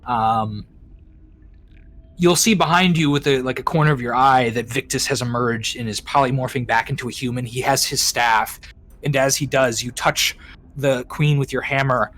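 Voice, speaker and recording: A man's voice: mid-range voice, fairly even intonation, normal speed, fairly bright tone. A man narrating a tabletop game as game master, rambling, with many ums and self-corrections.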